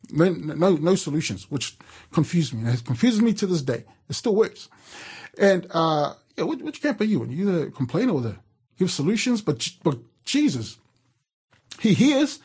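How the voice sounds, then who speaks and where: A man's voice: on the high side, a little mellow, slightly rough. A man from New Zealand giving a casual devotional talk, chatty and storytelling, with frequent fillers and restarts. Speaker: radio presenter giving a devotional.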